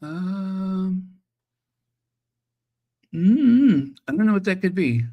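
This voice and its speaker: A man's voice: high-pitched, expressive, extremely slow, phone-quality sound. A man hosting a casual livestream, chatting and reacting to viewer messages with many fillers. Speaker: channel host.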